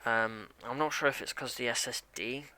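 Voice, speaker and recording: A man's voice: mid-range voice, moderate pace, bright, forceful tone, a little hiss or hum. A young man chatting casually and rambling as he streams a game, grumbling at it along the way. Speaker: live streamer.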